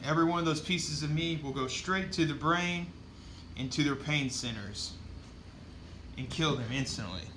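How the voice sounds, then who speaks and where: A man voicing a gloating, murderous male alien symbiote villain in a taunting way, slightly higher than his own talk. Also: normal speed, background noise, lightly acted.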